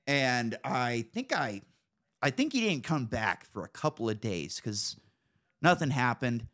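A man hosting a podcast, telling stories in a casual, animated and profane way. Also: medium pitch, measured pace. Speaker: podcast host. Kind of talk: casual storytelling chat.

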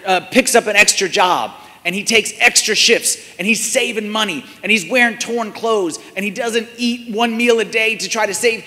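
A man's voice: high-pitched, moderate pace, pushed and bright, big-room sound. A man preaching a sermon in a church, asking the congregation many rhetorical questions and repeating phrases for emphasis.

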